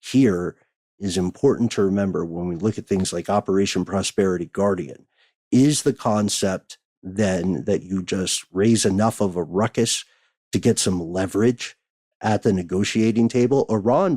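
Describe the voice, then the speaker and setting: A man's voice: low-pitched, measured pace, darkish tone, no echo, studio quality. An American man co-hosting a podcast, reading listener mail in casual banter with wry asides. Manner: chatty, wry, thinks aloud with asides.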